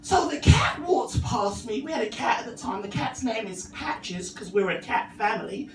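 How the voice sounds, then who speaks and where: High-voiced London woman doing stand-up. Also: animated, moderate pace, faint music behind. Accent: London English. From England. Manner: dry, self-mocking delivery. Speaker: stand-up comedian. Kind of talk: stand-up comedy set. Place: open mic venue. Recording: echoey room from far off, faint hum.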